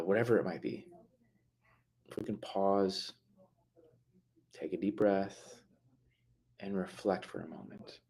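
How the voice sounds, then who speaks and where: Low-voiced man talking on a live stream. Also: darkish tone, breathy edge. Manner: conversational, many fillers and restarts; slows to stress key words. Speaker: mental health talk host.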